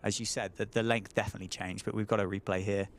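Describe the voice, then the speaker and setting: Calling live cricket ball by ball, this man talks fast in a lowish, flat voice, chatty and often putting questions to his co-commentator. A little hiss or hum sits under the recording.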